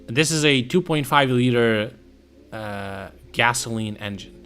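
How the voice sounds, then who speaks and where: A man's voice: mid-range voice, unhurried, a bit bright, slight background noise. A man casually thinking aloud as a streamer, slangy and profane, with sudden exclamations. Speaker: streamer browsing car listings. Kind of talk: casual live commentary.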